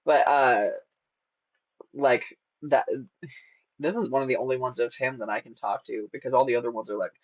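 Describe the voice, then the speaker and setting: A man's voice: medium pitch, fairly even intonation, moderate pace, long pauses, no room sound. Teasing, giggly streamer man. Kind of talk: casual live-stream chat. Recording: slightly dull lo-fi sound.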